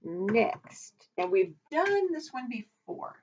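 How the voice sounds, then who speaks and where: A woman's voice: a little high, very animated, slow, darkish tone, slight background noise. Chatty woman teaching, dull recording. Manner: chatty, thinks aloud, double-checks herself. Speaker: Hebrew teacher. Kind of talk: informal recorded lesson.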